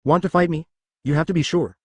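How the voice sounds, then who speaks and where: A synthetic male reader voicing a cold, cocky male ninja who hides his identity, read in an even manner. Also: fairly high pitch, quick pace, husky, no room sound, pitched above the performer's own voice.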